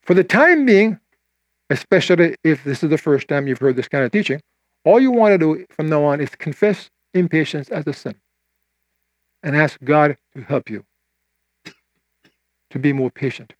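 Older guy preaching, high voice, dry close sound, acts out the story bits. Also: no echo. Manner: animated storyteller, quoting voices with rising pitch, slowing for scripture. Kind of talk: sermon storytelling.

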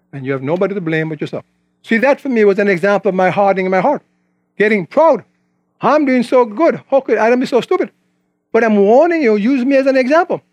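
A man's voice: high-pitched, a little mellow, no room sound, muffled recording. A man preaching a sermon in a conversational way, quoting scripture and asking the congregation questions.

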